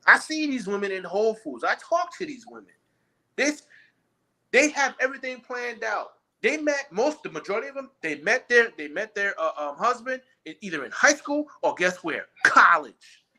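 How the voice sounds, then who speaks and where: A man holds forth in a casual chat, his pitch swinging widely as he pushes his points. The voice has a bright, forward edge. He talks emphatically and rambles, often restarting his sentences. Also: sing-song, moderate pace.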